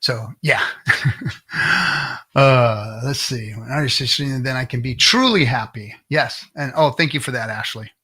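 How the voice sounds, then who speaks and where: A middle-aged man hosts a casual livestream, reading chat comments and ranting bluntly with heavy swearing and frequent restarts. His mid-range voice is sharp with a breathy edge, and he keeps a measured pace.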